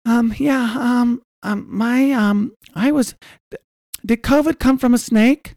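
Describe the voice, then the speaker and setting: Man in a high falsetto as a flustered woman caller, stammering, dry room. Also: takes it slowly, creaky, darkish tone, dry recording, exaggerated voice. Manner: stammering with fillers.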